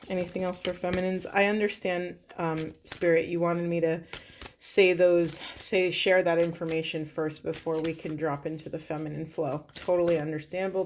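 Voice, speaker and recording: A woman's voice: lowish voice, background noise. Earnest woman doing a spiritual card reading. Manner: earnest and emotional, speaks to spirit. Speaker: tarot reader.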